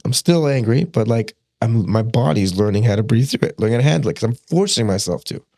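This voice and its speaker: A young man, a podcast guest, telling a personal story in a casual, animated way, acting out quotes and laughing often. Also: mid-range voice, quick pace, gravelly, no room sound, studio quality. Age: young adult.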